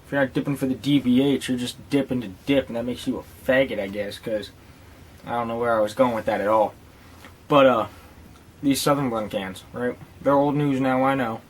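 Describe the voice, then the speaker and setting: A man telling casual vlog stories in a loose, rambling way. He swears often and jokes through his tale before moving on to a product review. His voice sits at an ordinary middle pitch. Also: fairly even intonation, fairly quick, slight background noise. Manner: rambling, profane and joking. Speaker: tobacco dip reviewer.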